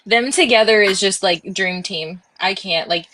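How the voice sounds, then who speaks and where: A woman's voice: medium pitch, normal speed, bright, forceful tone. Bubbly, self-deprecating woman author. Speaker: author and guest. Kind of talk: casual interview chat.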